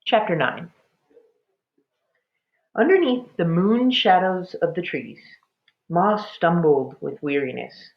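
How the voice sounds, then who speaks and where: Slow, expressive woman reading a storybook. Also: fairly low pitch. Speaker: storybook reader. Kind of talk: reading a children's book aloud. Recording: dull lo-fi recording.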